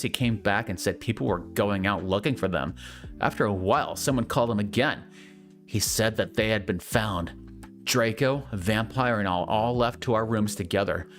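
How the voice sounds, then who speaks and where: Man mock-reading terrible fanfiction. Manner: mocking deadpan reading with sarcastic asides; swears and jumps into shrill high voices for quotes. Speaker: fanfiction reader. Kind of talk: comedic dramatic reading.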